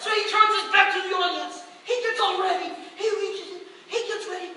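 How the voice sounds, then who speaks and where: A man's voice: very high voice, fairly even intonation, fairly quick, very noisy. A man giving a humorous contest speech, telling a playful story to an audience in a hall, recorded from far off. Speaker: contest speaker.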